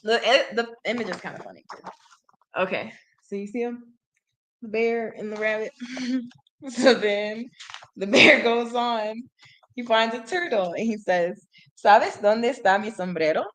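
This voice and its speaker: A woman's voice: on the high side, steady tone, measured pace, long pauses, fairly bright tone, a little hiss or hum. A young woman hosting a casual livestream, reading a children's book aloud with chatty, giggly asides. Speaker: channel host reading to learners.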